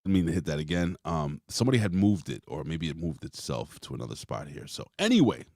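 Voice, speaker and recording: A man's voice: a bass voice, big pitch swings, fast, a little mellow, no echo, studio quality. A man hosting a casual wrestling review podcast, talking loosely and rambling, with some swearing. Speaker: podcast host.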